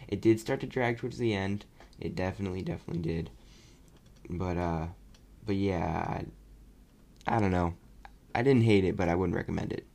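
A young man casually reviewing a movie on his podcast, rambling and animated. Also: deep voice, normal speed, vocal fry, long pauses. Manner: rambling, animated, mocking voices when quoting. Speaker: podcast host.

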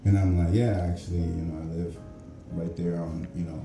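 A man with a very low voice tells a story in casual chat, breaking into laughter and acting out what others said. He sounds as if he is in an echoey room, with music playing clearly in the background. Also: little pitch movement, fairly quick, mellow. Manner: laughs through stories, acts out cops' lines.

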